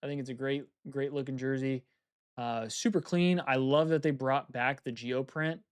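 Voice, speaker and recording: A man's voice: mid-range voice, steady tone, moderate pace, clean tone, no echo. A young man chatting casually on a live stream, thinking aloud and repeating phrases as he weighs his choices.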